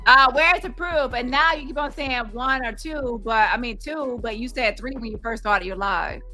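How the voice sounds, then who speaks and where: Blunt, bright-voiced woman host. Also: fairly high pitch, normal speed, faint music behind, poor audio. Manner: blunt, laughing, profane and exasperated. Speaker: livestream host. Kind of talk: casual live commentary.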